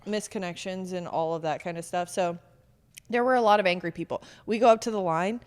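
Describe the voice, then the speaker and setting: A woman's voice: lowish voice, brisk, big-room sound. A young woman, a pro beach volleyball player, telling a story in casual chat and acting out the quotes. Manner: animated, acts out quotes, laughs often.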